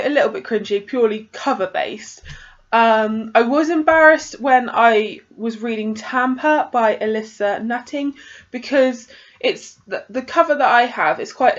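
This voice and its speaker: Chatty woman, lo-fi. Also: on the high side. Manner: chatty, exasperated, lots of fillers. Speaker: book vlogger. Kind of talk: casual chat to camera.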